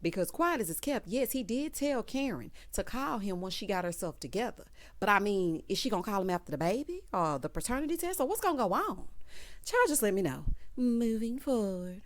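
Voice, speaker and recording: Sassy, lively-voiced woman reviewing TV. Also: mid-range voice, a little fast. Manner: sassy, animated, laughs often. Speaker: TV recap host. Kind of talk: casual review chat.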